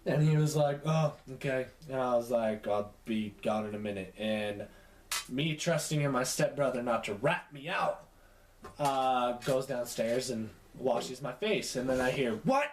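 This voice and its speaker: A man's voice: mid-range voice, unhurried. A young man telling a profane story in casual chat, acting out the quotes. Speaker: podcast co-host. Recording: echoey room with faint noise.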